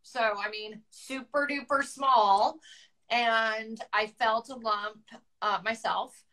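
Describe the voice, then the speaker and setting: Bright-voiced chatty woman telling her story. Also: a little high, steady tone, takes it slowly, rough recording. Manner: chatty, emotional, restarts often. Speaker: guest author. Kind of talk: candid personal storytelling.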